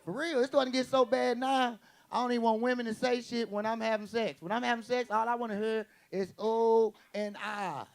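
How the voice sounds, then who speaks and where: A man performing stand-up comedy in a high, gravelly voice. His delivery is brash and profane, full of quick punchy lines and acted-out quotes. Audience laughter rises behind him. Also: flat delivery.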